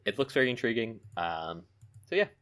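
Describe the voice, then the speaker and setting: A man's voice: mid-range voice, big pitch swings, brisk, fairly bright tone, clear, resonant tone. A man co-hosting a podcast in casual chat, hesitant, often trailing off with ums and likes. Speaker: podcast co-host.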